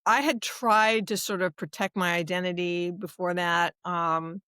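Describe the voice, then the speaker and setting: A woman from the United States, a lawyer and advocate, answering interview questions in a lively storytelling way with many restarts. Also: on the low side, a little slow, clean tone, dry recording, studio quality. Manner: animated storyteller, acts out dialogue, many restarts. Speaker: guest, human rights advocate and lawyer.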